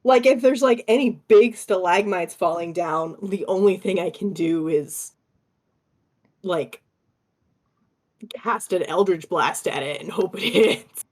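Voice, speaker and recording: A woman's voice: fairly low pitch, a little slow, darkish tone. A woman playing a tabletop game, laughing and swearing playfully while describing her character's actions. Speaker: player.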